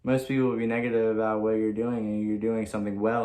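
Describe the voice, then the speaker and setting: A man's voice: fairly low pitch, level tone, fairly quick, a little mellow. A man reading his own book aloud in a casual way, repeating lines and adding asides. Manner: reads loosely, repeats lines, breaks into chants and remarks. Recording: roomy echo.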